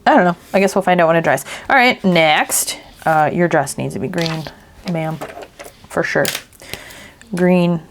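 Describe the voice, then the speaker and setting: A woman's voice: fairly low pitch, measured pace, slight background noise. A woman hosting a craft video, chatting casually and thinking aloud as she works, often half-whispering and mumbling to herself. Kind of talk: casual narration while crafting.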